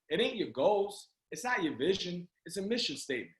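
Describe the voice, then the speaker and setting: Man, high voice, motivational speaker, energetic, shouting at times, roomy video call sound. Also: fairly quick. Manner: energetic, exhorting, often shouting. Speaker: motivational speaker for a sales team. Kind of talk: motivational pep talk.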